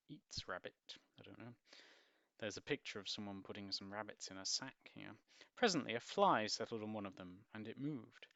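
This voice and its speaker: A man with a low, gravelly voice that still has a bright, forceful edge reads a children's book aloud. He keeps stopping to muse in wry, hesitant asides. The recording sounds dull and lo-fi. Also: no room sound. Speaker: book reviewer. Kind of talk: reading a picture book aloud with commentary.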